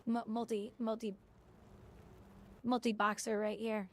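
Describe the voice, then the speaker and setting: A woman's voice: fairly high pitch, flat delivery, measured pace, a little hiss or hum. A woman game streamer in casual chat, spinning stories in a chatty way while she plays. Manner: chatty storytelling with restarts.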